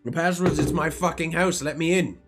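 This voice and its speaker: A man's voice: medium pitch, sing-song, a little fast, over music, voice pushed up, close to an everyday voice. A man doing a fed-up homeowner locked out. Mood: exasperated. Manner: exasperated, cursing. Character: irritated male homeowner locked out.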